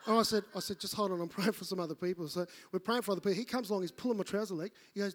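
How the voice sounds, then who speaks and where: Animated high-voiced preacher. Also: male voice, very fast, hardly any pauses. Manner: animated, acts out voices in his stories. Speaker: pastor. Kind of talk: sermon with storytelling.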